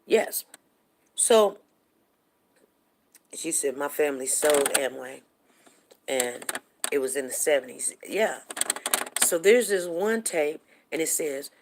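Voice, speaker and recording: A middle-aged woman with a low voice and a gravelly edge tells a personal story in a casual way. She gets animated and repeats words for emphasis. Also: slow, long pauses, background noise. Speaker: show host.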